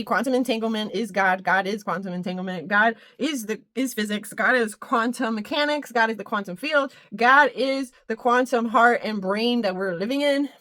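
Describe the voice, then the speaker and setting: A woman's voice: a little high, fairly bright tone, dry recording. A woman giving a casual spiritual pep talk. She is exuberant, laughs often and strings her phrases into rhythmic lists. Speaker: spiritual channel and motivational speaker.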